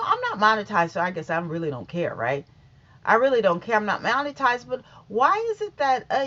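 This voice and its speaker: A woman's voice: a little high, pushed and bright. Chatty woman on a lo-fi mic. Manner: chatty, scattered, talks straight to viewers. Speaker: YouTube vlogger. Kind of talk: casual news recap vlog.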